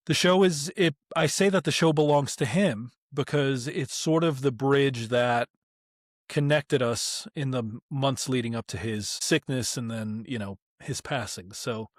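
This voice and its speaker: A man hosting a podcast talks in a reflective, soft-spoken way and pauses often. His voice sits at an ordinary pitch. The sound is dry and close. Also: dry recording. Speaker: podcast host. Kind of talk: casual conversation.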